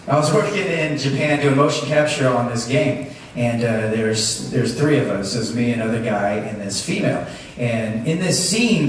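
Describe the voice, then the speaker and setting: A man telling funny stories at a fan convention panel, laughing often as he talks. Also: mid-range voice. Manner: laughing, animated anecdotes. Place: large convention hall. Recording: echoey hall, noisy, from far off.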